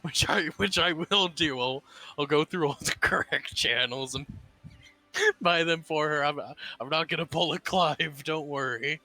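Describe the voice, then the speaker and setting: Halting man narrating his role-play moves. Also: on the high side, bright, forceful tone, soft background music, poor audio. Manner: halting, stumbling over words. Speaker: player.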